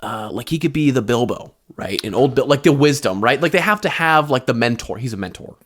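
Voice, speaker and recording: Lively joking man co-hosting a podcast. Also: mid-range voice, a little fast. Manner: joking, animated, swears a lot. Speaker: podcast co-host. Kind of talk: casual chat.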